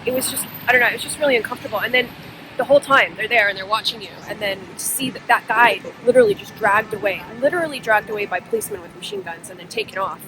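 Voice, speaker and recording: Fast-talking woman on a noisy street. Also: a little high. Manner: rapid, rambling, filler-heavy. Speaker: vlogger's wife. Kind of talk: casual chat on a vlog. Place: outdoors on a city street. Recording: noisy outdoor street recording.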